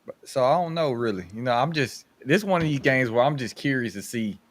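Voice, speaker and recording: A man's voice: mid-range voice, animated, a little fast, no echo. Hesitant man musing on picks, dry sound. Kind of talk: casual sports chat.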